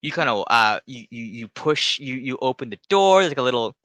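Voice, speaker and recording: A man's voice: mid-range voice, lively intonation, a little fast, fairly bright tone, dry recording. A man narrating a tabletop game as game master, loose and rambling with lots of fillers.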